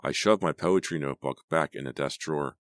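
A man narrating an audiobook in a measured, even storytelling manner. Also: extremely low pitch, no echo, clean studio sound. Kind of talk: scripted narration.

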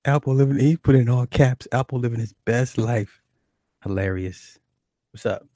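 A man's voice: medium pitch, moderate pace, mellow, dry recording, studio quality. A man hosting a livestream, chatting casually and in a rambling, profane way, reading viewers' comments aloud. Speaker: livestream host.

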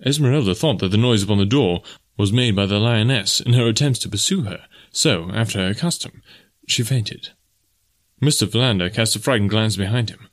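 A man narrating an audiobook in a steady, measured storytelling manner. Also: on the low side. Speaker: audiobook narrator and podcast host. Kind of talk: audiobook reading.

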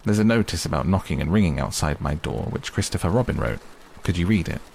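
A man's voice: low voice, lively intonation, fast, creaky, a little mellow, slight background noise. A man voicing a pompous, self-important old male owl in a storybook reading.

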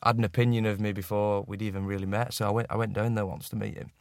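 A man's voice: fairly low pitch, little pitch movement, fast, vocal fry, no room sound, studio quality. A man in his thirties with a Northern English accent, chatting casually as a guest and laughing at himself often. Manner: laughs often, self-deprecating. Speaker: guest rugby player. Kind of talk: casual chat.

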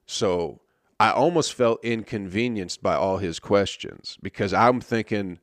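A man's voice: fairly low pitch, a little slow, no room sound, studio quality. A man, a stand-up comedian, telling a story in a laid-back, rambling way full of swearing. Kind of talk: casual storytelling.

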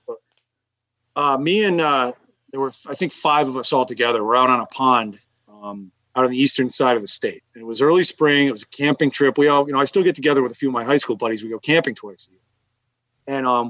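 A man's voice: mid-range voice, dry recording, muffled recording. A man who is a guest on a casual podcast, telling fishing stories and laughing a lot. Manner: animated, laughing anecdote-teller. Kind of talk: casual chat.

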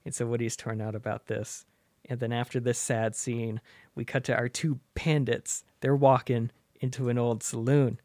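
In casual conversation, a man retells a story with lots of laughter, slipping into character voices as he acts them out. His voice sits at medium pitch with a moderate pace, and the recording is dry.

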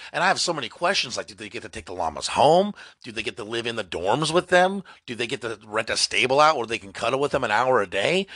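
A young man hosting a comedy podcast, rambling through a solo monologue that swings from mock-dramatic outbursts to low mutters. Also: bright, forceful tone, no room sound, studio quality. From California. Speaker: podcast host.

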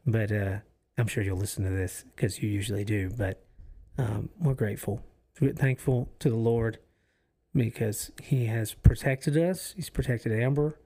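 He is a podcast co-host on a faith show, speaking in casual chat from an office where podcasts are recorded. His lowish, dark voice keeps fairly even intonation at a moderate pace, and his earnest, reflective talk often stops and restarts mid-sentence.

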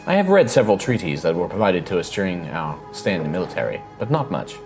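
A stiff, formal ex-soldier, played by a man, answers in a clipped, proper manner. His speech is measured and plain, with faint music underneath. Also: low voice, very animated, darkish tone, pitched below the performer's own voice. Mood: dry.

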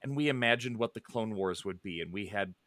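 A middle-aged man chatting casually, rambling with many restarts and soft chuckles. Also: on the low side, a little fast, no echo. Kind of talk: casual chat.

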